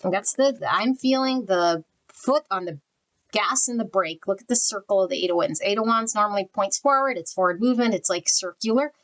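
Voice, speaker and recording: A woman's voice: mid-range voice, a little fast, poor audio. A woman giving a general pick-a-card tarot reading, talking bluntly in spiritual terms and naming cards as she draws them. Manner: blunt, spiritual, channels energy. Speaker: tarot reader.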